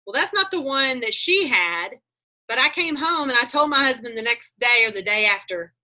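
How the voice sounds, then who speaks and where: A woman's voice: on the high side, animated, moderate pace, bright, forceful tone. A woman, talking on a video call, telling chatty stories and acting out her own thoughts as she coaches a group.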